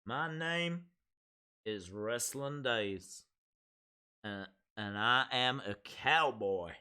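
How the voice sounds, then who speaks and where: A man putting on a slow Texan drawl as a male cowboy. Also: mid-range voice, bright, forceful tone, clear, resonant tone, voice pushed down, full character voice. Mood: folksy. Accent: put-on Texan.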